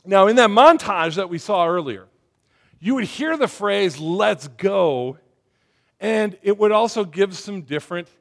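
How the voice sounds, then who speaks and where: Chatty man preaching, slightly high voice. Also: lively intonation, measured pace, vocal fry. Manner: conversational, full of fillers like "um" and "like"; rallies the congregation to shout back. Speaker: church speaker. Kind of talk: casual sermon.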